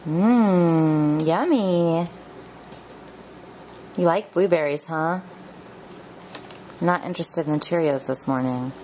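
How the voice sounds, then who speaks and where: A woman's voice: deep voice, slow, pauses often, dark tone, slight background noise. Woman coaxing a baby in sing-song talk. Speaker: parent filming her baby. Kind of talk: home video, talking to a baby. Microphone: handheld camera mic.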